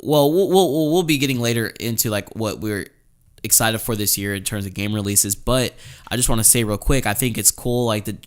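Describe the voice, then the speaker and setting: A man's voice: lowish voice, a little fast. A young man hosting a podcast, talking casually, with frequent restarts and repeated words. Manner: hesitant, repeats words, lots of fillers. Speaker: podcast host. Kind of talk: casual chat.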